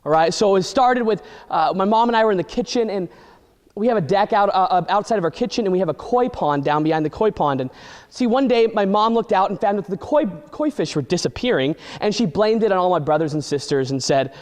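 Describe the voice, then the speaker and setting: A man telling an exaggerated comic story with animated, deadpan delivery. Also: sits high, fairly quick. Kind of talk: comedic storytelling. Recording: long hall reverb.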